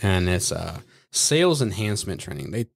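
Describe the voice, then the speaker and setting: A man, a former Marine recruiter, telling profane, animated stories in a casual podcast chat. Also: sits low, normal speed, vocal fry, dry recording, studio quality. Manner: profane, animated storytelling with acted-out quotes.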